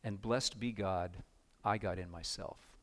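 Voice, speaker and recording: A man's voice: fairly low pitch, fairly even intonation, measured pace, big-room sound, pitched below the performer's own voice, close to an everyday voice. Humbled young minister, solemn and earnest, a preacher quoting him in his own voice.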